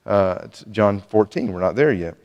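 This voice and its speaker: A man's voice: on the low side, normal speed, a little mellow. Preacher man with long church reverb. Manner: earnest, with frequent restarts and repeated words. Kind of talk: sermon. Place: church sanctuary.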